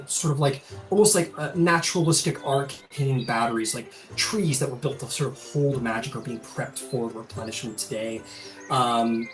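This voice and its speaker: A man's voice: mid-range voice, recorded from a distance. A man narrating a tabletop role-playing game as game master, loose and full of fillers. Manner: loose, filler-heavy, animated.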